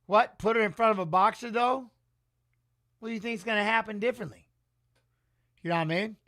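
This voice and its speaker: A man's voice: sits high, a little fast, pushed and bright. A middle-aged man giving casual live fight commentary in a rambling, emotional, salty way. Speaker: watch-along commentator.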